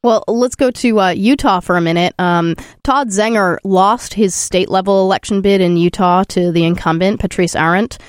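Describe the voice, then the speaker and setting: A chatty woman from the hosts a casual discussion at a middling pitch. She laughs easily and leans on fillers. Her voice is recorded close and dry. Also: moderate pace, few pauses, dry recording. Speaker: podcast host.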